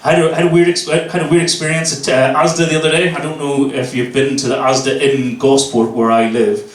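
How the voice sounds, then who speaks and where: A man's voice: medium pitch, fairly quick. Northern Irish man doing stand-up, roomy echo. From Northern Ireland. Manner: swearing, animated storytelling. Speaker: stand-up comedian. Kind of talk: stand-up comedy set. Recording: echoey room, mic at a distance.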